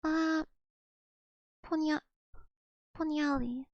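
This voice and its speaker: A woman's voice: high-pitched, steady tone, very slow, gravelly, dry recording, muffled recording. A young woman streaming casually, chatty and self-mocking, filling her talk with "like" as she sounds out foreign words. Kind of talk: casual livestream chat, practicing Russian words aloud.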